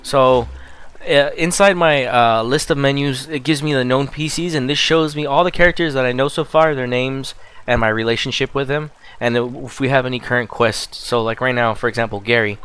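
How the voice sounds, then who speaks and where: A man giving relaxed, chatty commentary while playing a video game and explaining what he does. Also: medium pitch, normal speed, clean tone. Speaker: game streamer. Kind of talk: casual gameplay commentary.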